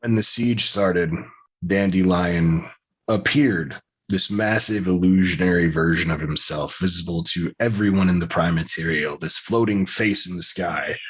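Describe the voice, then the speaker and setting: A man's voice: low-pitched, measured pace, fairly bright tone, breathy edge. Man, game master, casual and chatty, swears freely. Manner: casual, swears freely, laughs between points. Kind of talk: explaining rules and narrating a tabletop game.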